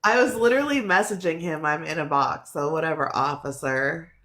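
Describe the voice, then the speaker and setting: A woman's voice: deep voice, a little fast, a bit bright. A woman hosting a live stream in casual chat, who laughs often and swears casually. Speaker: livestream host.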